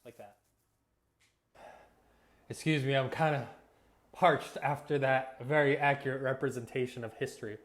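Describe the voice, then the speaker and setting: A man hosting a casual cooking vlog, telling relaxed, joking stories as he cooks and eats in his home kitchen. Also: mid-range voice, fairly quick. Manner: relaxed storytelling with jokes. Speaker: cooking vlogger.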